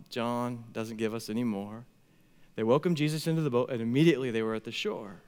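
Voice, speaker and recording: A man in his thirties preaching a sermon as a pastor, animated, swinging from hushed tones to near shouting. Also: medium pitch, brisk, smooth. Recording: long hall reverb.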